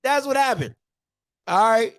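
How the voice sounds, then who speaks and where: A man hosting a sports recap show, ranting in excitable, slangy trash talk and repeating himself for emphasis. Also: very high-pitched, a little slow, no room sound, studio quality. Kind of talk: animated sports recap rant.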